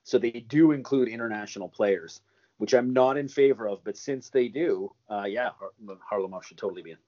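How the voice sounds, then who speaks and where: Easygoing podcast co-host, muffled sound. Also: male voice, mid-range voice, fairly quick, dark tone. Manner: easygoing, hesitant, laughs often. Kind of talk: casual chat.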